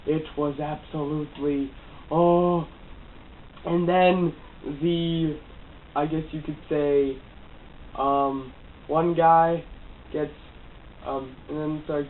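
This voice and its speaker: Amateur reviewer with a cold, loose and rambling, lots of ums and restarts; tinny phone-grade audio with a light hiss. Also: medium pitch. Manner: rambling, heavy on fillers and restarts. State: has a cold. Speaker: movie reviewer. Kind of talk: casual rambling movie review.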